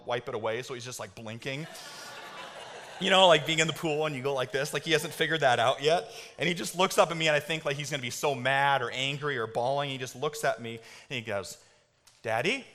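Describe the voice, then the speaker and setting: A man preaching a sermon in a church, telling a personal story in an animated, conversational way and often checking in with the audience. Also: medium pitch. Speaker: pastor. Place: church sanctuary. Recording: reverberant hall.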